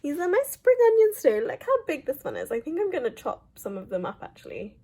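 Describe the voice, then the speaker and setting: A woman's voice: high voice, wildly swooping pitch, brisk, dark tone, rough recording. A young British woman vlogging at home, telling rambling stories in a chatty way with lots of fillers. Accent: British English. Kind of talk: casual chat vlog. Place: home, on a balcony.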